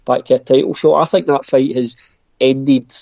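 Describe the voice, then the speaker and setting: Dark-voiced man, dry lo-fi audio. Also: mid-range voice, fairly even intonation, normal speed, creaky, no echo. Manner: hesitant, with frequent ums and restarts. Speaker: podcast guest. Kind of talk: casual podcast chat.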